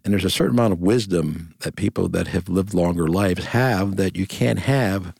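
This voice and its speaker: Gravelly low-voiced older man. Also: normal speed, darkish tone, dry recording. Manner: storytelling, earnest, repeats phrases in lists. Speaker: interview guest. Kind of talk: reflective conversation.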